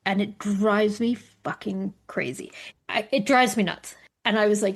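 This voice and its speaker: Gravelly, with a breathy edge and a medium pitch, the middle-aged co-host talks unhurriedly in a casual podcast chat among friends. She animatedly tells stories, cursing freely and acting out what people said, recorded on a studio microphone.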